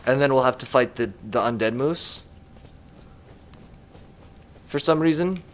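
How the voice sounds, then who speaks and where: A man's voice: mid-range voice, measured pace. A man casually musing aloud while streaming a game live and reading chat comments.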